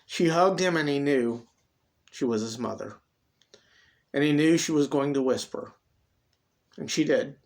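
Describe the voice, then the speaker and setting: A man reading his own dramatic story aloud, expressive and swinging between loud and hushed delivery. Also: mid-range voice, a little slow, creaky, long pauses.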